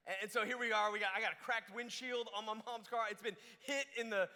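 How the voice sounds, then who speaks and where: Bright-voiced man preaching in an echoing hall. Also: sits high, quick pace, few pauses. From Georgia, US. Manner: animated, many restarts and fillers. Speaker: youth camp speaker. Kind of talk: storytelling sermon. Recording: long hall reverb.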